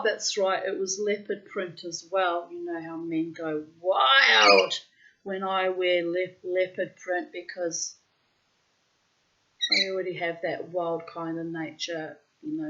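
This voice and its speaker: A middle-aged woman with a frank, profane manner, reading from her diary and chatting casually between entries. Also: medium pitch. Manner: frank and profane, breaks into loud laughter. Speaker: diarist reading her journal aloud. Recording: dull, lo-fi sound.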